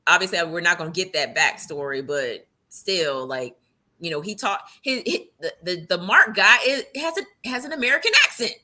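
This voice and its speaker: A woman with a bright, sharp voice chats casually as a co-host reviewing a show. She talks animatedly, laughing often and leaning on fillers. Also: on the low side, expressive, moderate pace. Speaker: podcast co-host. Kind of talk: casual chat.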